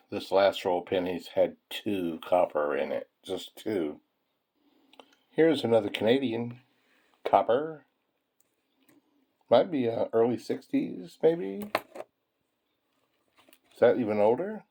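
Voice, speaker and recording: A man's voice: lowish voice, warm tone. Folksy man chatting over coin rolls. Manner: folksy, chuckles often, addresses viewers as folks. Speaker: coin-roll hunting channel host. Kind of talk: casual chat while searching coin rolls.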